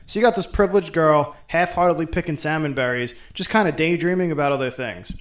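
A man retells a folktale as host, with a fairly high voice and an irreverent, profane, wisecracking delivery. His comedic asides come in a casual talking tone. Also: fast talker. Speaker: host and storyteller. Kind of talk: comedic folklore storytelling.

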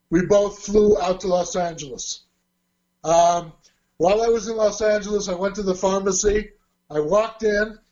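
A man casually telling a long personal story, acting out the quoted dialogue as he goes. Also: high voice. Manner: animated, acts out quoted dialogue. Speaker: guest telling a life story. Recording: dull lo-fi audio.

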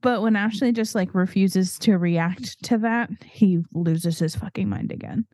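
A woman co-hosting a casual movie recap, chatty and animated as she retells scenes with free swearing. Her voice is mellow and warm, recorded dry and close. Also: mid-range voice, a little slow, no echo. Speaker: podcast co-host.

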